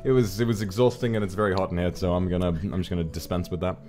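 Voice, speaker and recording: Deep-voiced teasing male host. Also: steady tone, rapid-fire, over music. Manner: playful, teasing. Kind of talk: casual interview over drinks.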